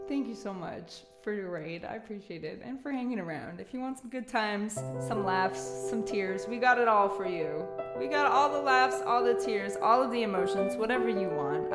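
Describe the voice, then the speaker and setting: A woman's voice: mid-range voice, echoey room. Chatty Canadian woman streaming. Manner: chatty and giggly, reading chat aloud. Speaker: music streamer. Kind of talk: casual live-stream chat.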